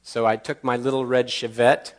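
A male preacher with a mid-range voice tells stories from the pulpit. He acts out each exchange with lively, jumping voices and chuckles at his own humor. Animated and conversational in tone. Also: medium pitch, normal speed. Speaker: pastor. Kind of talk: storytelling sermon.

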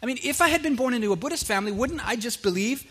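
Earnest high-voiced man telling his story. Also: very fast, breathy edge. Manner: earnest, animated, drops low and quiet for emphasis. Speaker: speaker sharing his faith story. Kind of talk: personal testimony talk.

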